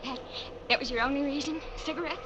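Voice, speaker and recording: High-voiced frightened young woman, played by an actress. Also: noisy background, close to an everyday voice. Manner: breathless, hesitant, halting. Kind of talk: 1940s radio drama acting. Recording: lo-fi vintage radio broadcast.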